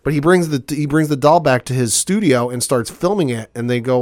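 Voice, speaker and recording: A man's voice: mid-range voice, brisk, few pauses, no echo. Man recapping an episode, dry sound. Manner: rambling, paraphrasing scenes with frequent fillers. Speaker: podcast panelist. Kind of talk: casual chat, episode recap.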